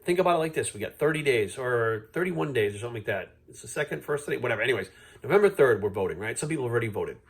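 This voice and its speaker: A man's voice: mid-range voice, expressive, racing, husky. A man ranting straight to camera, blunt and heated, swearing freely as he lectures his viewers. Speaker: fitness coach vlogging. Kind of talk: unscripted rant to camera.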